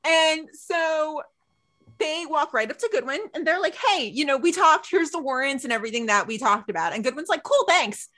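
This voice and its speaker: Animated woman recapping a TV episode. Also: high voice, moderate pace. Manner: animated, acts out characters' lines in quotes. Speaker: podcast co-host. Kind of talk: casual chat recapping a TV episode.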